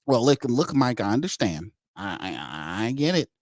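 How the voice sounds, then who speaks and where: A man's voice: medium pitch, very animated, moderate pace, no room sound, studio quality. A man mocking a rambling pompous executive. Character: aloof pompous middle-aged male team executive.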